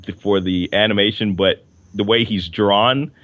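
A man's voice: fairly low pitch, fairly even intonation, a little slow, fairly bright tone, no room sound, dull audio. A man co-hosting a podcast in casual chat, rambling with fillers and restarts as he reviews comics and films. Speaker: podcast co-host.

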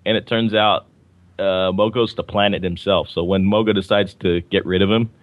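A man with a low voice co-hosts a podcast, talking casually and rambling through his thoughts with fillers and restarts. The sound is dry and close. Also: fairly even intonation, normal speed, no room sound, muffled recording. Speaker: podcast co-host. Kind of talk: casual chat reviewing comics and films.

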